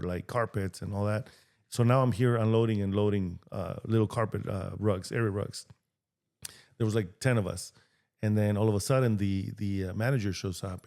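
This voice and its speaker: A man from Mexico, a real estate agent guesting on a podcast, telling his life story in a lively way and acting out the voices of people he quotes. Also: on the low side. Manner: animated, acts out quoted dialogue. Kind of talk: storytelling interview talk.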